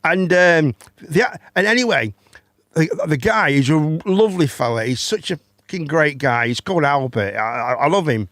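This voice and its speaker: A man's voice: on the high side, animated, moderate pace, fairly bright tone, dry recording, clean studio sound. A man, hosting a casual chat and telling a long story, rambling, swearing and repeating words. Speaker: host.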